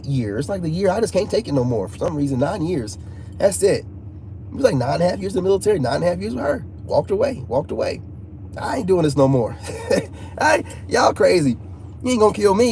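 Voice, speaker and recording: A man's voice: high-pitched, mellow. A man telling a personal story to viewers in casual, emphatic talk full of slang and repeats. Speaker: channel host. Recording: faint background noise.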